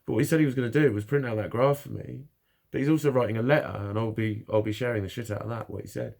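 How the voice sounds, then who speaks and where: A man's voice: mid-range voice, steady tone, fast talker, creaky, darkish tone. A man talking frankly and bluntly in a casual monologue, swearing constantly as he opens up about his own experiences. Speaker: vlogger.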